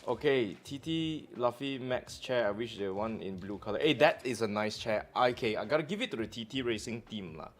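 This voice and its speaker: A man's voice: mid-range voice, expressive, brisk, few pauses. Joking Malaysian man hosting a chat show. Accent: Malaysian English. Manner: joking and teasing, loud bursts, slang particles like "lah". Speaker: show host. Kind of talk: casual live-stream chat.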